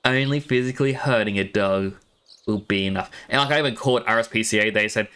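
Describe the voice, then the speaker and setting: A man's voice: lowish voice, quick pace. A young Australian man, a VTuber streamer, chatting casually and telling rambling stories while he plays a game. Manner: animated rambling storytelling with laughs.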